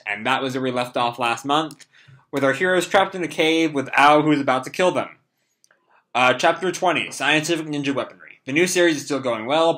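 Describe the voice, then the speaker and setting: A young man with a hoarse, worn voice talks through a comic chapter live, rambling along with constant "like" and "uh". His tone is bright despite the strain. It sounds like a relaxed, unscripted fan reaction. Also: medium pitch. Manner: rambling, full of "like" and "uh".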